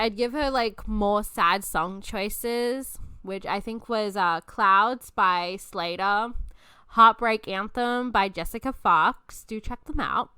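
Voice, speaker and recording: Young woman podcaster, high clear voice, dry close sound, chatty and sweary. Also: bright, forceful tone, no echo. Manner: chatty, swears freely, laughs often, restarts a lot. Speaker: podcast host. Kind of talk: casual storytelling chat.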